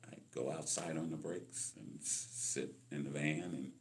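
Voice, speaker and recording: With a steady bass voice and a measured pace, a man in his sixties from Los Angeles tells stories as a guest musician on an interview podcast, mimicking the voices of those he quotes. A slight background noise is audible.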